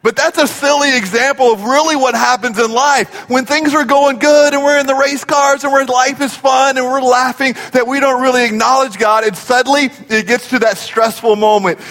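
A man preaching a sermon in a church, telling stories in an animated way and acting out the voices in them. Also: very high voice. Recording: long hall reverb.

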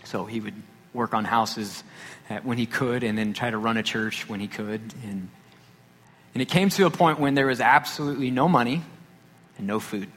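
A man's voice: mid-range voice, moderate pace, a bit bright. A man preaching a sermon, from Texas, telling a personal story in a conversational way with self-deprecating asides. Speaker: pastor. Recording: long hall reverb with faint noise.

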